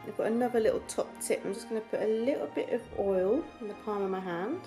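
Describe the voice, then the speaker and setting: A woman's voice: medium pitch, fast, over music. A woman hosting a home cooking lesson, explaining each step in a chatty, encouraging way. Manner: encouraging, chatty, gets out of breath while kneading. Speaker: cooking show host.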